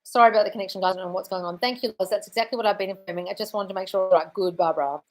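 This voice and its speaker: A woman coach, speaking in a mid-range voice with fairly even intonation and a very fast pace, hosts a live Q&A. As a manifestation coach, she reads viewers' chat questions aloud and answers them bluntly, swearing freely and calling people darling.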